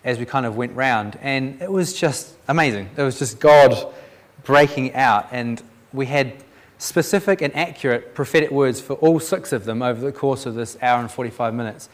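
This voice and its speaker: A man's voice: medium pitch, normal speed. A man sharing a Christian testimony as a preacher, telling the story with animation, acting out the voices in it and often restarting his sentences.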